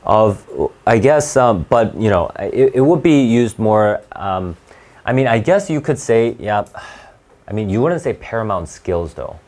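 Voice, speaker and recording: A low-voiced young man runs a test-prep class. He talks in a halting, chatty way and keeps restarting his sentences as he works through each question. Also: lively intonation, a little mellow. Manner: halting and conversational, with many restarts and fillers. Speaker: SAT tutor. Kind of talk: live classroom lesson.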